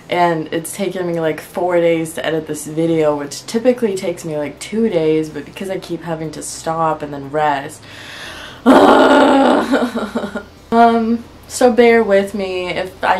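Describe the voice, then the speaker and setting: A woman with a fairly low voice talks casually to camera about her crafts. She sounds unwell and worn out, rambling in a wry, frustrated way and laughing through her complaints. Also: a little hiss or hum. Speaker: clay crafting vlogger.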